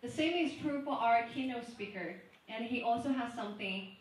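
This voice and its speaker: A woman's voice: fairly high pitch, normal speed, slight background noise. A woman emceeing a conference, welcoming the audience in an upbeat way before introducing the speaker. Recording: echoey hall from a distant mic.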